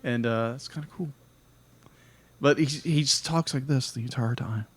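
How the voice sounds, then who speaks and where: A man's voice: medium pitch, normal speed, slightly rough. A man co-hosting a podcast, chatting casually and playfully about a movie with frequent laughter. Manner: playful, laughs often, lively swings. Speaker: podcast co-host. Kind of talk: casual movie review chat.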